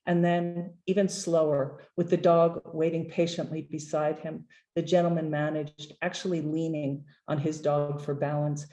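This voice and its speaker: A middle-aged woman poet reading her poems aloud at a book launch, measured and deliberate, with hesitant asides between pieces. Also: sits low, level tone, dark tone. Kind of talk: poetry reading.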